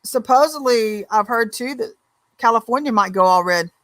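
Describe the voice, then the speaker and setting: A woman hosts a talk show with a slightly high voice. She chats freely, backs her guest with frequent yeahs and tells lively stories. The sound is close and dry. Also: moderate pace, dry recording. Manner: chatty, animated storyteller, many yeahs. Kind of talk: casual interview talk.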